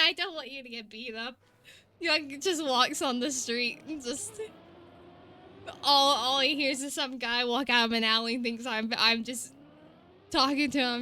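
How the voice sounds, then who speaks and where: A young woman streaming a game, chatting excitably with her viewers and laughing often. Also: high voice, measured pace, pauses often, slight background noise. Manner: excitable, giggly, chatty with chat. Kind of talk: casual gaming live-stream chat.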